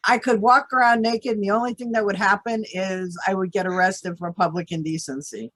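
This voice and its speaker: A man hosts a relaxed video-call chat with a bright, forward voice. He teases and jokes lightly. The sound is dry and close. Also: high-pitched, no echo. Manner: playful teasing, quick jokes. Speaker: show host.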